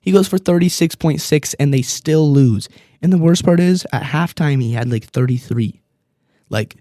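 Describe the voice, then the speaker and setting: A young man chats through his podcast in a loose, rambling way, animated and quick to poke fun at himself. His voice is warm and mellow. It is recorded dry and close, with no room sound. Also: mid-range voice, no echo. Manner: rambling, animated, self-deprecating. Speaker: podcast host. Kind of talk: casual fantasy football chat.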